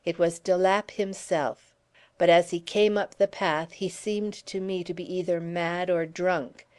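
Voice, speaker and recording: A woman's voice: on the low side, measured pace. Woman narrating a classic novel. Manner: steady first-person storytelling. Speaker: audiobook narrator. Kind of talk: scripted narration.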